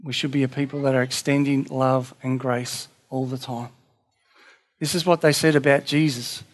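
A man's voice: medium pitch, flat delivery, normal speed. A man preaching a sermon in an earnest, conversational way, acting out little dialogues as he goes. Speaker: pastor.

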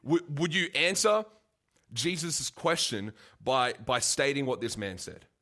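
A man's voice: medium pitch, measured pace, pushed and bright. A man preaching a casual, conversational sermon, full of asides and restarts.

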